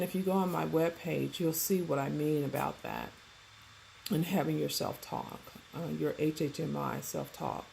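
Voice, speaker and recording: A woman's voice: sits low, gravelly, a little mellow, slight background noise, low-quality recording. A middle-aged woman with a Southern Mississippi Delta accent, talking hesitantly to her viewers about self-talk. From Mississippi Delta, United States. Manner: hesitant, many fillers and restarts. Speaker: vlogger presenting her self-talk website. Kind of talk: casual spoken monologue.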